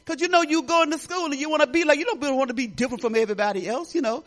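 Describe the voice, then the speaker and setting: An older woman pastor from Detroit giving a folksy, animated sermon, talking straight to the congregation with laughing asides. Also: sits high, racing. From Detroit, Michigan.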